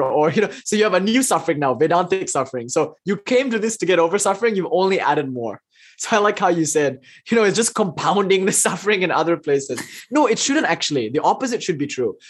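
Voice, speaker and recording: A man giving a casual spiritual talk, telling stories and acting out quotes with big jumps in pitch. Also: breathy edge. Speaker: spiritual teacher.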